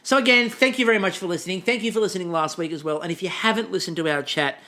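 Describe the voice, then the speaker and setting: A man co-hosting a relaxed podcast chat. He rambles from point to point with a wry, self-deprecating streak. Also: high voice, racing. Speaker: podcast co-host. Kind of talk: casual chat.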